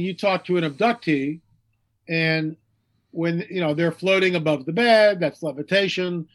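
Speaking as a guest in an animated interview, a man from the United States hammers points home by repeating phrases and mimicking others in mocking voices. His voice sits high with a fairly bright tone.

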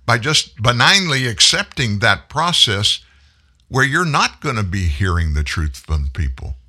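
A man's voice: lowish voice, sharp tone, slightly rough. A man hosting a talk show, delivering a folksy, emphatic political commentary monologue. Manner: folksy, emphatic, preachy, addresses listeners as folks.

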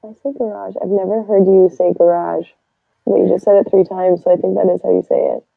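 A woman chatting casually as a podcast co-host, relaxed and teasing. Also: mid-range voice, fairly quick, vocal fry, no echo, narrow, tinny audio. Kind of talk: casual chat.

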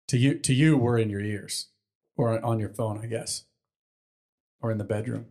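A young man co-hosting a casual podcast, swearing freely and rambling as he recaps a cartoon episode, jumping into quick character voices. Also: mid-range voice, darkish tone. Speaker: podcast co-host.

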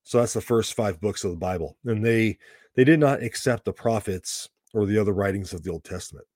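A man with a low voice teaches through a scripture passage, laying out the background step by step in a relaxed, conversational way. His delivery is recorded close and dry, with no room sound around it. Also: fairly quick, no echo. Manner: conversational, explaining step by step with casual asides. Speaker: Bible teacher. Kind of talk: explanatory Bible lesson.

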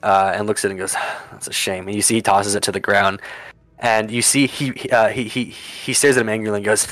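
A man's voice: lowish voice, little pitch movement, fast talker, a bit bright, dry recording. A man narrating a tabletop game as game master, with many restarts and fillers.

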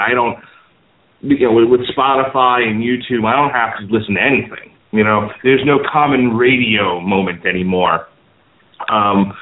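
Lively low-voiced male talk show host. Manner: animated, quick to laugh and interject. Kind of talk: casual talk show conversation. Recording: phone-like narrow sound.

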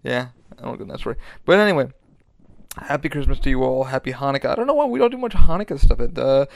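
A man with a gravelly, fry-laden voice talks in a loose, rambling way as a podcast host. He swears freely and leans on ums and restarts. The sound is dry and close. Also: medium pitch, expressive, fast talker, dry recording. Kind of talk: casual rambling podcast chat.

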